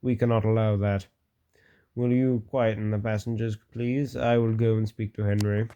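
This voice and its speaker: A man voicing a portly railway boss from a storybook, who talks slowly and sternly. He never hurries his words and lets each one land firmly. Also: lowish voice, level tone, warm tone, clear, resonant tone, dull audio, natural voice. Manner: slow, severe and measured.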